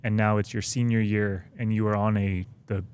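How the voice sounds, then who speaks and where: A podcast host puts questions to his guest in a friendly, easy manner. His voice sits somewhat low for a man. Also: little pitch movement, normal speed, darkish tone, smooth. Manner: friendly, brief questions and backchannels. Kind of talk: podcast interview.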